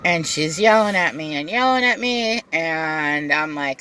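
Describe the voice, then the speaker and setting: A rideshare driver tells a story in a casual vlog, speaking slowly and unhurriedly. The voice is bright and forward. The delivery is animated, and the driver slips into both sides of the dialogue. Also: mid-range voice.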